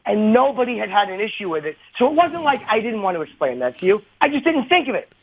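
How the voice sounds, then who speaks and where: Calling in by phone, a middle-aged comedian argues heatedly and defensively on air, talking over the other man. His high voice is very animated, quick and slightly rough. The phone line sounds tinny.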